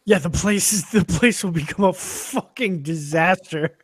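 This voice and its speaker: A man's voice: high-pitched, measured pace, breathy edge, no echo. A man co-hosting a podcast, chiming in with wry, swearing remarks in casual chat. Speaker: podcast co-host.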